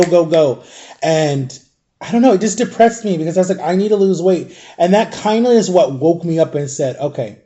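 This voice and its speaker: Man, middle-aged, casual storytime vlog, rambling, clears throat often, slightly high, mellow tone. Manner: chatty, swears casually. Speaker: vlogger.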